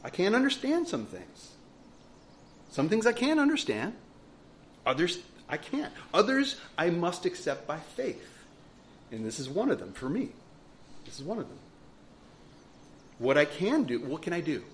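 A man's voice: fairly high pitch, wildly swooping pitch, a little slow, pauses often, a little hiss or hum. A man preaching a sermon, earnest and emphatic, asking the congregation rhetorical questions. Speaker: pastor.

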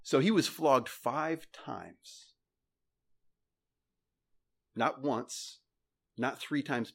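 A male pastor delivering a sermon from the pulpit. He reads scripture slowly and with weight, pressing on key words, and speaks with earnest, moved feeling. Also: medium pitch, vocal fry.

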